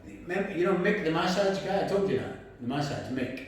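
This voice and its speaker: A man's voice: high-pitched, fast talker. A middle-aged man telling profane stories in casual talk, acting out other people's lines with sudden swings in his voice. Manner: animated, acts out others' lines with big swings in voice. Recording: very roomy echo, faint background noise.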